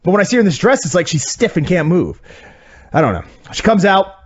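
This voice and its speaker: Lively wry man recapping wrestling. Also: high-pitched, fast talker, husky. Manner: rambling, wry play-by-play recap. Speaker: podcast co-host reviewing wrestling. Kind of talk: casual recap chat. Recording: dull lo-fi audio.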